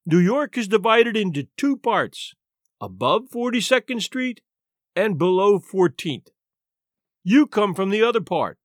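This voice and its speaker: A man voicing a gruff, husky old tramp captain with a growling manner. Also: high voice, very animated, measured pace, dry recording, clean studio sound, pitched above the performer's own voice.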